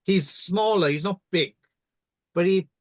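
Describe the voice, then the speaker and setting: A man's voice: high-pitched, measured pace, no echo, studio quality. A man co-hosting a podcast, chatting casually and making wry remarks. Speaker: podcast co-host. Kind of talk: casual chat.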